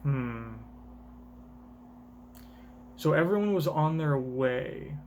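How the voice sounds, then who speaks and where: Male streamer, casual live reaction commentary; rambling, swears casually, unhurried. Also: on the high side, expressive, a little mellow, slight background noise.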